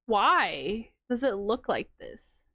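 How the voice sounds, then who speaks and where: Slow-talking woman chatting with her stream. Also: medium pitch, sing-song, bright, forceful tone, no room sound. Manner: chatty, laughs often, reacts to chat. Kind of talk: casual chat with live chat.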